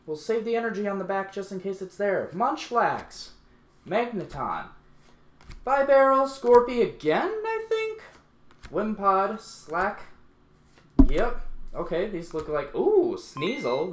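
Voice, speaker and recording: A man giving casual, playful commentary while opening card packs, his voice jumping high when excited. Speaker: YouTube unboxing host. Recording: echoey room.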